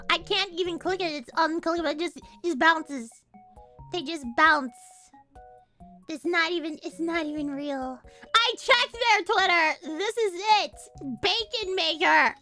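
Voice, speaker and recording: A woman's voice: extremely high pitch, measured pace, pushed and bright, soft background music. A young adult woman streaming casually as a VTuber, profane and incredulous, laughing often. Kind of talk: casual react stream chat.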